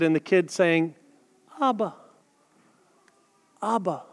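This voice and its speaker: A man preaching a sermon as pastor, talking conversationally to his congregation and dropping joking asides. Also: high voice. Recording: long hall reverb.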